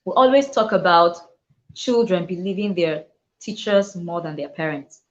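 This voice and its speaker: A woman's voice: lowish voice, normal speed, muffled recording. A woman teacher and dyslexia coach giving an earnest motivational talk to other teachers, often acting out what children and teachers say. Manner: earnest, acts out quoted voices, laughs often.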